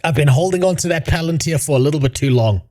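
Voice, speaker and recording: A man's voice: fairly high pitch, quick pace, mellow. A male streamer ranting casually in a mocking tone, laughing often and rambling. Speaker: streamer host. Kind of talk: casual rant.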